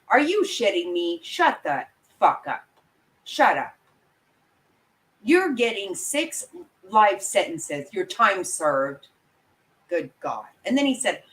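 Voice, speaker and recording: A woman's voice: medium pitch, sing-song, slow, pauses often, low-quality recording. A woman giving angry, blunt, profane commentary as a vlogger, talking straight to her viewers. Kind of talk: opinionated live commentary.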